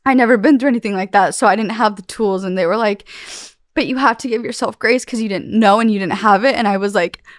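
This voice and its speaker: A woman's voice: mid-range voice, fast, dry recording, clean studio sound. A young woman talking candidly as a podcast guest, rambling and emotional, with plenty of fillers. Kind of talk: candid interview talk.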